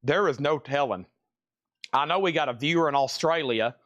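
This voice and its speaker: A man chats his way through a live sale stream, rambling and narrating his own tasks while a little winded. His voice sits on the higher side. It sounds close and dry, with no room around it. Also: normal speed, a bit bright, no echo, highs cut off. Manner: rambling, talks to himself as he works. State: out of breath. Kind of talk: casual live-stream chat.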